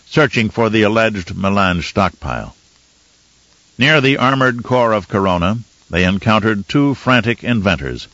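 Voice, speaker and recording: A man narrating an audiobook in a measured, steady way. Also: fairly low pitch, no echo, lo-fi sound. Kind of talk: scripted narration.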